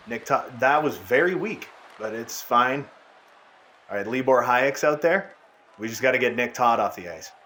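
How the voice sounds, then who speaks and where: A young man giving casual, excited play-by-play commentary over a hockey video game, his voice sounding worn out. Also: medium pitch, a little hiss or hum. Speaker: gaming YouTuber. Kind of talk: gameplay commentary.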